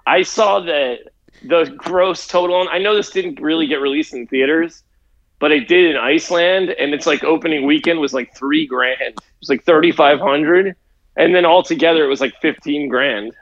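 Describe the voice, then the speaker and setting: A man's voice: fairly high pitch, normal speed, a bit bright, dull audio. A man co-hosting a casual podcast, rambling in slangy talk and laughing a lot. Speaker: podcast co-host. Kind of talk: casual chat.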